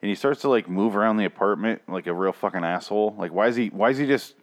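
A man with a somewhat low voice, chatting casually as co-host. His tone is sarcastic and he swears freely, often mocking what he has just watched. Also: fast. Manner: sarcastic, profane. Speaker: podcast co-host. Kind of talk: casual chat.

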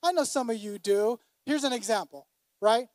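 A man's voice: very high voice, normal speed, a little mellow, no echo. Emphatic male preacher, dry sound. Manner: emphatic preaching, repeats key phrases. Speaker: pastor. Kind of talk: sermon.

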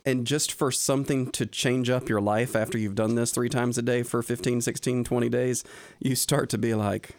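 A man sharing reflections in a relaxed, casual podcast chat about faith. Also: medium pitch, normal speed, hardly any pauses, no room sound.

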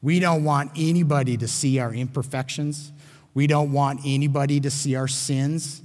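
Male pastor, mid-pitched, earnest sermon delivery, long hall reverb. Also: steady tone, moderate pace, a little mellow. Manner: earnest, emphatic, with repeated restarts. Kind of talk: sermon teaching.

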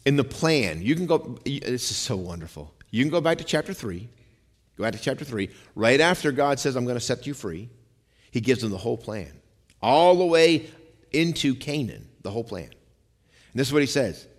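A male pastor preaching a sermon in a conversational style, dropping low and quiet for some lines and rising for emphasis, asking the congregation for amens. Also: very animated, normal speed. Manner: conversational preaching, calls out amen; shifts between quiet low lines and raised emphatic ones. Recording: long hall reverb.

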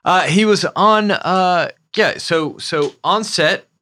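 A man in casual chat among friends, telling stories and slipping into quick impressions. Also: sits high. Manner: lively, tosses off gravelly celebrity impressions.

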